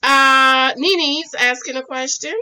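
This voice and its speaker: A woman with a bright, ringing voice runs a live reaction stream. She reads out viewer comments and answers them in an emphatic, sassy way. Her voice sits fairly high. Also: steady tone, slow, clean tone. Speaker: YouTube reaction host.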